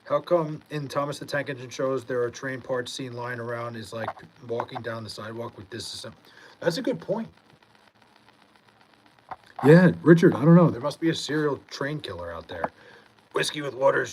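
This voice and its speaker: A man's voice: medium pitch, animated, normal speed, darkish tone, a little hiss or hum, poor audio. Laid-back young man, chatting on a stream. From Long Island, New York. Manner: laid-back, reads comments aloud, swears, says dude often. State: high. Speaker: livestreamer reading chat. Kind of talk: casual livestream chat.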